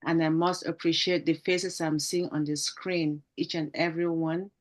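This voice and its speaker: A woman's voice: sits low, flat delivery, moderate pace. A woman on a panel team giving a tribute speech on a video call, praising the host in a fervent, preacher-like cadence.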